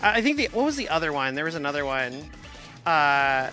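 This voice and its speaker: A woman chatting casually on her stream, her voice bright and forward. She rambles from one silly story to the next and laughs at her own jokes. Soft music plays faintly behind her. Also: sits low, big pitch swings. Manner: rambling, jokey, quick to laugh at herself. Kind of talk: casual chat.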